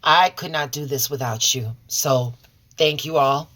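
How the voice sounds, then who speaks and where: A woman from Chicago hosting a tarot reading channel, talking casually and warmly to her viewers and calling them y'all and honey. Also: rumbling low, unhurried. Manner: folksy and chatty, calls listeners y'all and honey; warm and sincere toward viewers. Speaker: tarot and oracle reader, channel host. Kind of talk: casual direct-to-camera chat.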